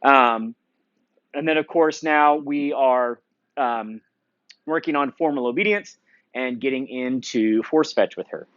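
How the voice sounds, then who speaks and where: A man's voice: medium pitch, measured pace, dry recording. Male dog trainer, plain mid voice, dry, dull lo-fi sound, easygoing commentary, clipped commands. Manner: relaxed, frequent "um" fillers, sharp short commands to the dog.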